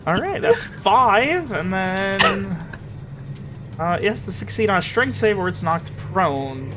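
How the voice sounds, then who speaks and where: A man acting as game master, narrating the action with lots of ums and quick self-corrections. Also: sits high, lively intonation, heavy background noise. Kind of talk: running a tabletop game.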